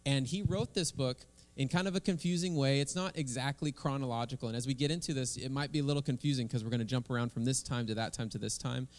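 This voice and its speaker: A man, a pastor, leading prayer and preaching a sermon in a relaxed, conversational way. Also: mid-range voice, quick pace, few pauses.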